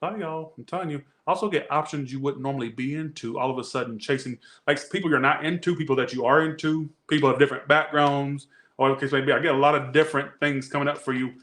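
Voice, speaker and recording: A man's voice: medium pitch, steady tone, fast talker, a bit bright. A man doing a casual tarot reading, chatty and rambling, slangy and often breaking off mid-thought. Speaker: tarot reader.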